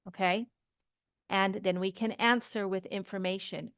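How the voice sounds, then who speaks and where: A woman's voice: medium pitch, steady tone, moderate pace, clean tone, no room sound, studio quality. A woman teaching English grammar, explaining patiently step by step with example sentences. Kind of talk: slow grammar lesson.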